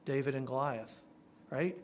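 A man preaching a sermon earnestly, slowing down to stress key words and rushing through asides. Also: medium pitch. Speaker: pastor.

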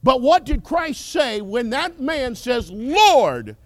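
A male preacher delivers a sermon in a measured, unhurried cadence. His voice is high and swoops widely, rising to loud declarations and falling to near whispers. The sound is dry and close. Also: expressive, dry recording. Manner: impassioned, swings from loud declarations to hushed whispers.

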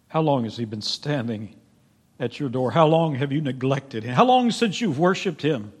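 A man preaching a sermon in a church, emphatic, swinging from loud pleading to hushed, quiet tones. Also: mid-range voice, lively intonation, normal speed. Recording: long reverb of a large hall.

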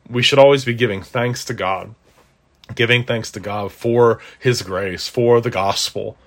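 Male preacher, mid-pitched, plainspoken and earnest, conversational sermon delivery with emphatic peaks. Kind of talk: expository sermon.

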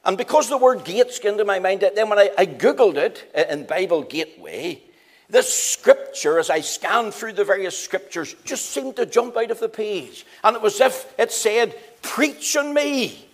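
A man preaching a sermon, repeating phrases for emphasis and swinging between loud rising calls and quiet low asides. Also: animated, normal speed.

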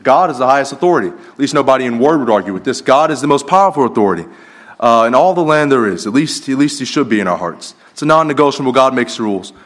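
A man's voice: mid-range voice, expressive, fast talker. A man preaching a sermon in a conversational way, telling stories and restarting his sentences. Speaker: pastor.

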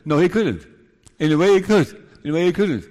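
A man preaching a sermon, moving from hushed, solemn passages to emphatic rises. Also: a little high, expressive, brisk. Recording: long hall reverb.

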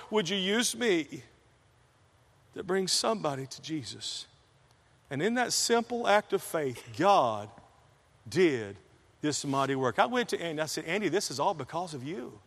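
Preacher guy telling a story, gets fervent, bright sharp voice. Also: sits high. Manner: animated storytelling, rising to fervent emphasis. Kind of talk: sermon. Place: college chapel. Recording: long reverb of a large hall.

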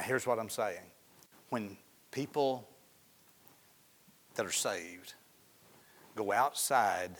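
A man preaching a sermon in a folksy storytelling way, often dropping to soft, hushed tones. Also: fairly low pitch. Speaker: pastor.

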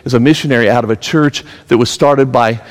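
A man's voice: medium pitch, brisk. A man preaching a sermon as pastor, telling stories and rising to emphatic exhortation. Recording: long hall reverb.

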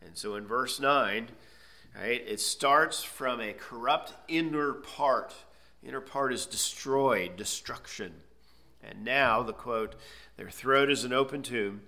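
A man's voice: mid-range voice, slow, gravelly, bright, forceful tone. A man preaching an expository sermon, reading scripture aloud and then explaining it plainly. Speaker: pastor.

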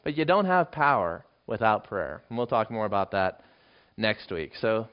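A man with a fairly low, clean-toned voice speaks in a sing-song way at a moderate pace, preaching an expository Bible sermon. He is emphatic and swells dramatically into quoted readings. The recording is dull and lo-fi.

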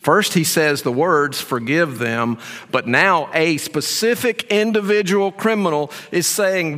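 A man's voice: mid-range voice, animated, a little slow. Earnest preacher man in a reverberant hall. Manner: earnest, emphatic preaching with sudden shifts between loud and hushed. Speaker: pastor. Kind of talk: sermon. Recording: long reverb of a large hall.

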